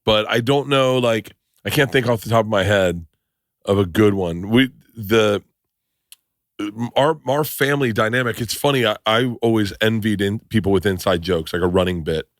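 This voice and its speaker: A man's voice: fairly low pitch, normal speed, no room sound, studio quality. A man hosting a podcast, rambling through stories and acting out the people in them. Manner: rambling, acts out other people in his stories. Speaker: podcast host. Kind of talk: casual podcast chat.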